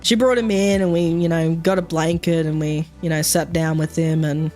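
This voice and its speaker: A woman's voice: low voice, steady tone, moderate pace, darkish tone, soft background music. A woman chatting casually on a stream, rambling and swearing freely with plenty of fillers.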